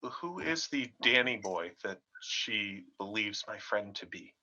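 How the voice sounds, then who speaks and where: A woman's voice: a bass voice, animated, measured pace, bright, forceful tone, dull audio. A woman playing a tabletop game, asking questions in an inquisitive way. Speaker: player. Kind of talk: casual tabletop role-play.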